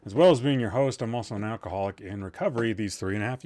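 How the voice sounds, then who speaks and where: A man's voice: on the low side, rapid-fire, hardly any pauses, darkish tone, no room sound. A man hosting a casual gaming stream, rambling and joking in a self-deprecating way, swearing now and then, tired and a bit loopy. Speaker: podcast host. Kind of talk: casual gaming livestream chat.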